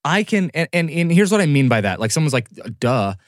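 A man's voice: a little high, sing-song, fast, dry recording, clean studio sound. A man co-hosting a casual podcast discussion, explaining hesitantly with many restarts. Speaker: podcast co-host.

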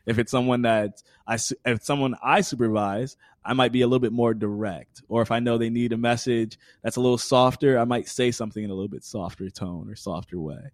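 A man's voice: mid-range voice, fairly even intonation, fairly quick, few pauses, no echo, clean studio sound. A man in his twenties, a podcast guest, talking earnestly in an interview and explaining with everyday examples. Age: 20s. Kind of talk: conversational interview.

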